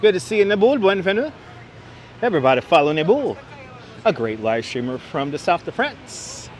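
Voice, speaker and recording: A man's voice: fairly high pitch, very animated, moderate pace. A man giving a chatty live-streamed walking tour outdoors on city streets, greeting viewers by name, a little congested from being under the weather, on a wireless clip-on mic. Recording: faint street and traffic noise.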